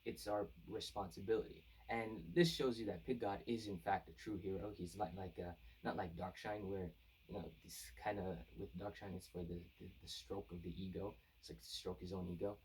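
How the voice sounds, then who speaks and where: Rambling husky man reviewing manga. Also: deep voice, steady tone, normal speed, darkish tone. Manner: rambling, many fillers and restarts. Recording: voice distant from the mic.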